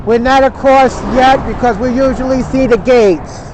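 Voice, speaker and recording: Older guy, really high voice, chatty walk-along tour, traffic and wind noise all around. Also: steady tone, moderate pace. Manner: chatty, pointing out sights to viewers. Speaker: vlog host. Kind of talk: walking tour narration. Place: outdoors on a windy bridge by traffic.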